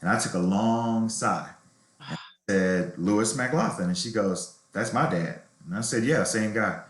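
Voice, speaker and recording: A man's voice: fairly low pitch, expressive, measured pace. A middle-aged man, a novelist, telling his life story in a reflective, candid way during an interview. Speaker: novelist guest. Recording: roomy echo.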